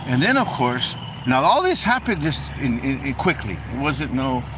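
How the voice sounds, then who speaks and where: A man's voice: medium pitch, moderate pace. A man giving an informal, conversational sermon, repeating phrases and speaking straight to his listeners as folks. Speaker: preacher. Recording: steady background noise.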